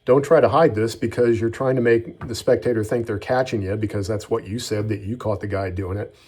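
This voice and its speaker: A man's voice: fairly low pitch, steady tone, fairly quick, a little mellow, slightly rough. A middle-aged man hosting a magic tutorial, telling a story and then explaining sleights in an easygoing, folksy way.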